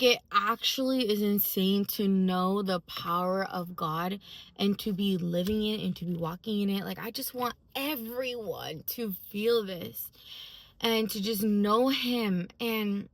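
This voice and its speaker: A woman's voice: mid-range voice, slow pace, dry recording. A woman giving a casual, emphatic personal faith testimony, full of fillers as she talks. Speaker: faith vlogger.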